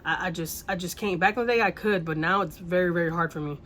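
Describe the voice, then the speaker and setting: A woman's voice: fairly low pitch, fast talker, fairly bright tone, a little hiss or hum. A woman telling a vacation story in casual storytime style, rambling and repeating herself with the odd swear word.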